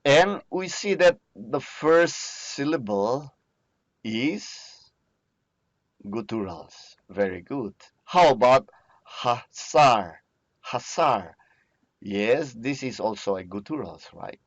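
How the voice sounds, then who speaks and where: Slow, patient male lecturer, muffled recording. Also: medium pitch, lively intonation, no echo. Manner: slow, patient, asks and answers own questions. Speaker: teacher.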